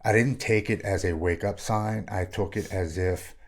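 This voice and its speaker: This podcast guest, a man in his 40s from Maryland, shares his recovery story in a deep voice with fairly even intonation and a moderate pace. He is earnest, frank and plain-spoken throughout this candid personal account.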